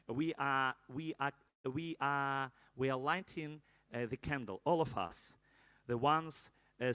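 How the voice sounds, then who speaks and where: A man with an Israeli accent leading a candle-lighting prayer at a live celebration, halting with many fillers and joking asides to the crowd. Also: medium pitch, pushed and bright, dry recording.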